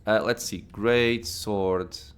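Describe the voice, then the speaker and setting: A man's voice: on the low side, steady tone, very slow, smooth. A man giving casual gameplay commentary as a let's play host, thinking aloud with many "uh"s and laughing at himself.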